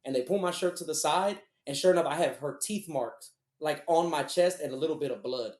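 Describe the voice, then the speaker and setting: A man with a fairly high voice co-hosts a podcast, telling his story in a loose, cursing, animated way. The sound bounces around an echoey room. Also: fairly quick. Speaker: podcast co-host. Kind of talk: casual storytelling chat.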